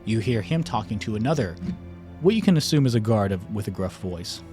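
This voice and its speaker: Young male game master, lower register, loose rambling narration over soft music. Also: animated, brisk. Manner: rambling, many fillers and restarts. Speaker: dungeon master. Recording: faint music behind.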